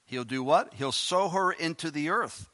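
A man's voice: on the high side, animated, a little slow, pushed and bright. A man preaching a sermon who reads scripture aloud with rising emphasis, asks rhetorical questions and closes in spoken prayer.

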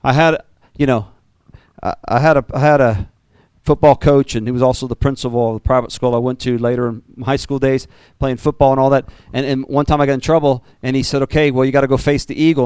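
Smooth-voiced man preaching with animated swings. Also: brisk, no room sound. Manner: animated preaching with jumps in pitch and repeated words. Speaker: pastor. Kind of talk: sermon.

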